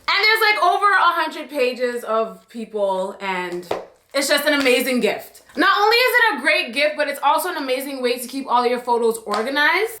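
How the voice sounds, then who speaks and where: A bubbly young woman talks straight to her viewers in a casual story-time vlog, her voice sitting a little high. She is chatty and quick to get emotional, and the room around her gives back a clear echo. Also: a bit bright. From Jamaica. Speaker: YouTube vlogger. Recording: echoey room.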